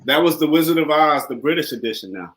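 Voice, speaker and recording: A man's voice: fairly high pitch, lively intonation, fast talker, fairly bright tone. Upbeat man hosting a casual interview. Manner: upbeat, encouraging, laughs often. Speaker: talk show host.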